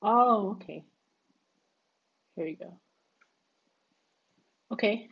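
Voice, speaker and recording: Chatty woman livestreamer, husky voice. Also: on the low side, moderate pace, a little mellow, lo-fi sound. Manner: chatty, many "like" fillers, thinks aloud. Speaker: livestream host. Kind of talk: casual livestream chat while coding. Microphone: wireless earbuds.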